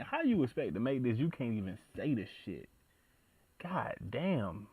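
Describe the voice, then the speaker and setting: A man with a fairly low voice talking casually through a reaction video. He swears freely, gets excited, and stumbles over big numbers while muttering to himself. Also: dry recording, narrow, tinny audio.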